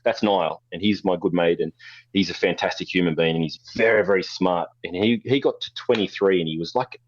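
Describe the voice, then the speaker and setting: Fast-talking deep Australian man. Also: dry recording, dull audio. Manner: blunt, swearing, animated storyteller. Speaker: photographer guest. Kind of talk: casual storytelling interview.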